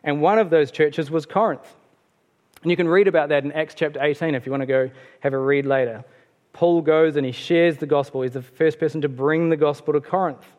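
A man preaching a sermon in a relaxed, conversational way, with fillers and self-corrections. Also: fairly high pitch, a little fast, highs cut off. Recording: long hall reverb.

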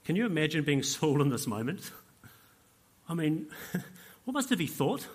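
A man preaching a sermon earnestly, dropping to hushed appeals and rising to emphatic points. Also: fairly high pitch, sing-song, normal speed, slightly rough.

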